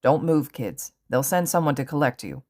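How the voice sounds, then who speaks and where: A woman voicing an adult male police officer who calms frightened kids in a firm, deep voice, in a fan audiobook. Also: moderate pace. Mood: placating. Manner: firm, calming.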